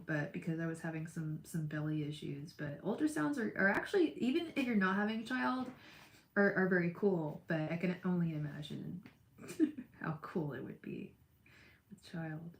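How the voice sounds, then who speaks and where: A woman's voice: fairly low pitch, moderate pace, creaky, roomy sound. A young woman chatting with viewers on a live tarot stream, gushing and emotional, calling people by name. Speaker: livestream tarot reader.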